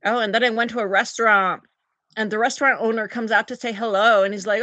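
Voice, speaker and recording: A woman chatting on a live stream and thanking viewers for gifts. She is recovering from oral surgery and tells her story in an animated way, acting out the quotes. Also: fairly high pitch, fast, dry recording. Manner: animated storyteller, acts out quotes in big voices. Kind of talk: casual live-stream chat.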